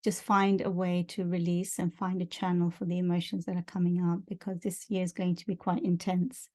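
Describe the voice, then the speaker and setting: A woman's voice: lowish voice, flat delivery, a little fast, mellow. A woman giving a monthly spiritual energy update, talking earnestly and encouragingly in long repetitive lists. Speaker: spiritual teacher.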